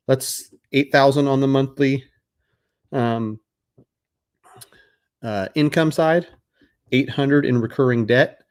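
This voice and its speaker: A man hosting a casual live Q&A as a mortgage broker, explaining loans in a conversational way with frequent fillers and restarts. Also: mid-range voice. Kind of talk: casual live Q&A answering viewer questions.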